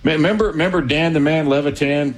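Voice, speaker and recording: A man's voice: fairly high pitch, fast talker. A man hosting a call-in sports radio show, affable and chatty, often repeating his first words as he starts a thought.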